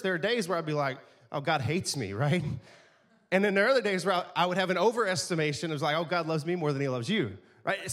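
Pastor, male, light high voice, chatty sermon delivery with frequent tag questions. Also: fairly bright tone.

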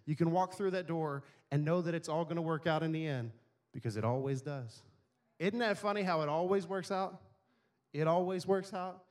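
A man's voice: a little high, normal speed, a little mellow. A middle-aged male pastor preaching a sermon in a conversational way, often asking the congregation questions.

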